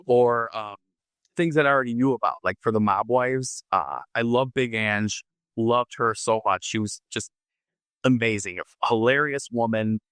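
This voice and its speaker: A man who smokes, talking casually as a guest on a podcast, rambling and relaxed with lots of fillers. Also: mid-range voice, normal speed, clear, resonant tone, no room sound. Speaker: podcast guest, oddities artist. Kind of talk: casual interview chat.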